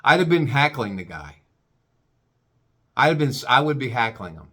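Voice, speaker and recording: Lively, rambling, stammering man. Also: medium pitch, moderate pace. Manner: stammering restarts, crude and profane. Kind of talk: rambling comic rant.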